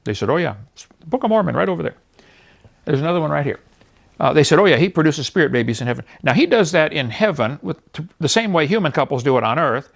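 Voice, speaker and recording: Gravelly, animated mocking preacher man. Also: fairly high pitch, quick pace. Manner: mocking, scornful, laughing; animated storytelling, quotes others in voices. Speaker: evangelist. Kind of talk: preaching talk.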